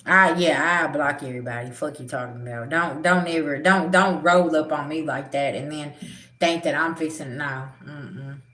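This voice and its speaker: A woman's voice: deep voice, unhurried, bright, forceful tone, echoey room. A middle-aged woman, a spiritual reader, talking bluntly and animatedly in a casual livestream chat, swearing freely.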